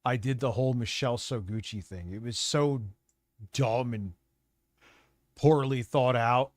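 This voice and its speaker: A man livestreams in a heated, profane rant, defending himself as he goes. His voice is gravelly with a cold, and the sound is dry and close. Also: mid-range voice, a little slow, dry recording. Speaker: streamer reacting to videos.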